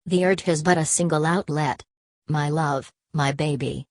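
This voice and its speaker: A woman's voice: low-pitched, fairly even intonation, measured pace, no echo, studio quality. A woman reading the lines of a cool, lofty male ruler who declaims to students, in an audiobook. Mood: declaiming. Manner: declaiming, lecturing.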